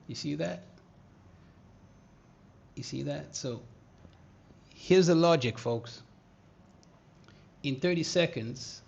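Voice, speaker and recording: Hosting a live market analysis lesson on his stream, this trading educator speaks casually in slang and reasons out loud, humming and muttering along the way. He has a gravelly, mid-range voice. The audio sounds dull and carries a little hiss or hum.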